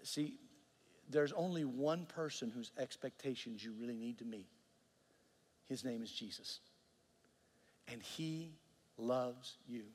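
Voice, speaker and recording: Earnest pastor preaching in a big hall. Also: male voice, medium pitch, normal speed, long pauses, breathy edge. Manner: earnest, animated, repeats words. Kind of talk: sermon storytelling.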